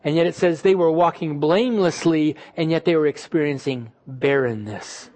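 Pastor preaching, chatty storytelling, voices people's inner thoughts, asks listeners questions, mid-pitched voice. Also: normal speed, darkish tone. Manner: storytelling, acting out quoted thoughts; conversational, asks the audience questions. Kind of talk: sermon.

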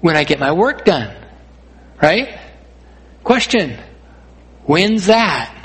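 Husky high-voiced man preaching. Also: big pitch swings, takes it slowly, fairly bright tone. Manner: earnest, rising to emphatic calls, repeats words. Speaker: pastor. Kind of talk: sermon. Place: church.

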